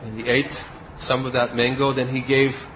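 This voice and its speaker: A man's voice: medium pitch, flat delivery, moderate pace, fairly bright tone, slight background noise. Man telling a devotional story, lo-fi. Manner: storytelling, acts out quoted speech. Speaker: spiritual teacher giving a class.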